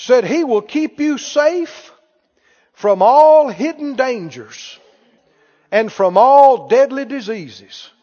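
High-voiced preacher in a church hall. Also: male voice, animated, takes it slowly. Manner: call-and-response preaching, rising to shouts. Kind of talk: sermon. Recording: dull recording in a reverberant hall.

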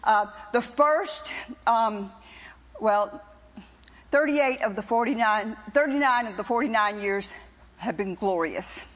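An older woman, a preacher's wife, telling a personal testimony to a congregation in an animated, teasing, wry way. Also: a little high, takes it slowly, in a large hall, muffled recording.

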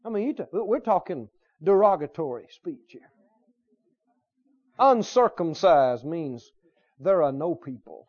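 A man's voice: on the high side, sing-song, measured pace, long pauses, darkish tone, lo-fi sound. A male preacher delivering a sermon emphatically, firing rhetorical questions at his listeners.

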